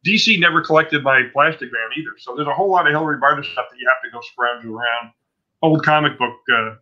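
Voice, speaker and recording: A man's voice: mid-range voice, fast talker, bright, forceful tone. A man in his sixties, a comic book artist being interviewed, telling stories in a rambling, self-interrupting way. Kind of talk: casual interview storytelling. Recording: dull lo-fi sound.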